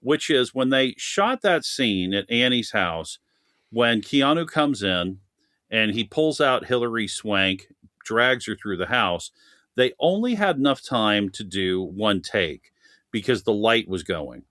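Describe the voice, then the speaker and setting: A man's voice: lowish voice, big pitch swings, slow, pushed and bright, dry recording, clean studio sound. A man chatting animatedly as a guest on a film podcast, laughing often and talking at length. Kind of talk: casual podcast chat.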